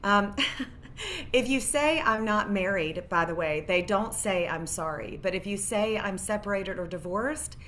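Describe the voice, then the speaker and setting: A woman's voice: medium pitch, expressive, a little slow, a bit bright, a little hiss or hum. A woman in her forties, a divorce lawyer guest, telling her story earnestly with many fillers. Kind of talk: interview storytelling.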